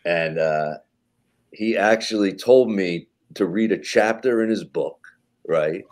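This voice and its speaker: A man with a deep, low voice spins a loose, profane backstage anecdote in a relaxed podcast chat. He talks casually, slips into quoted voices, and keeps the story rolling with asides. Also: slow pace. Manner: animated anecdote telling with swearing and acted quotes. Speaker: comedian guest.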